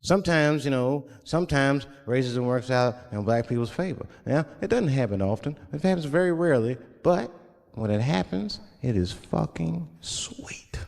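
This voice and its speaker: A man's voice: medium pitch, lively intonation, normal speed, creaky, darkish tone. A man doing a stand-up comedy set, telling stories in a loose, conversational way full of slang. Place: large performance hall. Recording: long hall reverb of a live venue.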